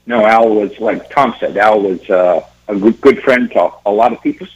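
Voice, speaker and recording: Low husky man on lo-fi radio. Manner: halting, many fillers and restarts. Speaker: event organizer guest. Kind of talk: casual radio interview. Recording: dull lo-fi radio audio.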